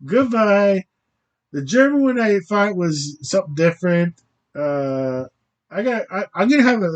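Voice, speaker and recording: Channel host, male, high voice, unhurried, halting and self-interrupting, stumbles over foreign words. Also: rough recording. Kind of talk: rambling casual monologue.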